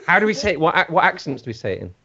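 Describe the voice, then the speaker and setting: A man's voice: fairly high pitch, big pitch swings, rapid-fire, pushed and bright, husky. Teasing man hosting. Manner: teasing, wry. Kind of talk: casual banter. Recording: dull lo-fi sound.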